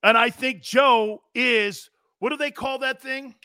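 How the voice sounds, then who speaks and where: A man with a high, bright, pushing voice holds forth as a sports talk host. He is blunt and profane, hammering the same points over and over. The sound is close and dry, with no room around it. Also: fairly even intonation, unhurried, smooth, no echo. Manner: blunt, profane, repetitive and heated. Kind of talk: opinionated live sports talk rant.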